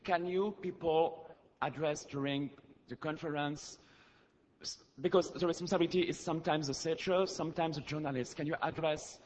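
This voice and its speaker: A man with a French accent, an activist asking a question at an audience microphone during a conference, in an earnest, halting way that grows insistent. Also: on the high side, steady tone, slight background noise. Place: large conference hall. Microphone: audience floor microphone.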